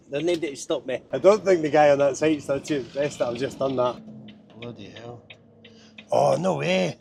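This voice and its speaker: A man's voice: a little high, normal speed, vocal fry, a little hiss or hum. A Scottish truck driver with a head cold and a nasal voice, chatting wryly and mocking himself as he drives. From Scotland. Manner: chatty, self-mocking, wry. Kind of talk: casual driving vlog. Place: truck cab.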